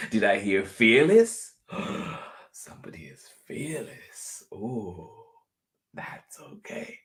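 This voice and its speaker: A man hosting a children's story time, reading a picture book aloud in a playful, expressive way and sometimes dropping to a whisper. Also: fairly low pitch, takes it slowly.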